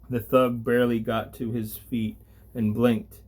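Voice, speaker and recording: A man reading a story aloud as narrator, at a deliberate pace. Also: medium pitch, little pitch movement, warm tone.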